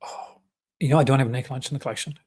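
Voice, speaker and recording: A man's voice: medium pitch, fairly even intonation, fast talker, darkish tone, breathy edge. A young Canadian man with a Canadian accent, hosting a casual livestream and chatting about his collection with lots of fillers and restarts. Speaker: livestream host.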